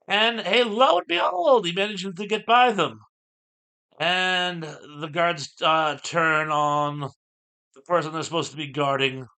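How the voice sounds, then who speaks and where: Brief: middle-aged male host, casual rambling recap, bright and forceful, slightly high voice. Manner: rambling, lots of fillers. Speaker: show host.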